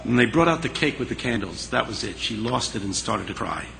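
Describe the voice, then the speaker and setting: A man telling a story in a sermon, animated and dramatic, dropping into a hush at the tense moments. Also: on the low side, a little fast, vocal fry, a little hiss or hum, low-quality recording. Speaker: speaker.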